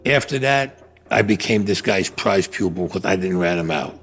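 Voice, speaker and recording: A man's voice: low voice, lively intonation, moderate pace, a bit bright, soft background music. A man, telling his war stories bluntly in an interview and acting out the dialogue. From Brooklyn, New York. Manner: gruff, blunt street talk, acts out dialogue. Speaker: interviewee, Vietnam veteran. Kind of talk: storytelling interview.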